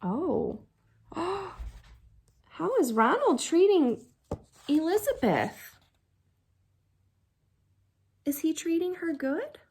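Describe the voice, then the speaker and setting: A woman teacher reading a picture book aloud to children, animated, gasping and asking the listener questions. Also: very high-pitched, drawn-out words, long pauses. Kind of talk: storytime read-aloud for children.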